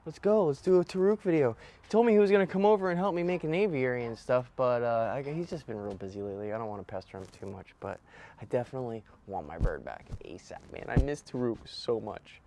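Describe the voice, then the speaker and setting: A man's voice: medium pitch, animated, quick pace, mellow, slight background noise. Laid-back slangy guy vlogging outdoors. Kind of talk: casual vlog narration. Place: outdoors on rural property. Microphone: handheld camera mic.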